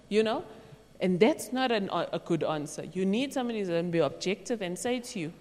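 A woman's voice: mid-range voice, a little fast. Chatty woman speaking in a reverberant hall. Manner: chatty, animated, acts out quotes and laughs. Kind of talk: casual youth talk on faith. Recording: long echo in a large hall.

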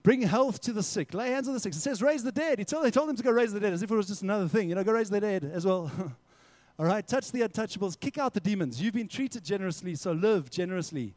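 A young male preacher with a fairly high voice gives an energetic, conversational sermon, addressing the room directly as "guys." The sound is dry and close. He now and then breaks into short acted-out exchanges to make his point. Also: quick pace, no echo. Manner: energetic, conversational, acts out little dialogues. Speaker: youth pastor.

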